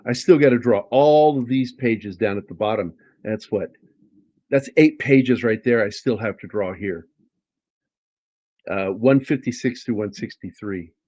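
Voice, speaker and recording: A man's voice: lowish voice, a little slow, a little mellow. A middle-aged man, a comic artist, chatting casually about his work in a rambling way, with frequent restarts and casual swearing. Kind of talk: casual chat.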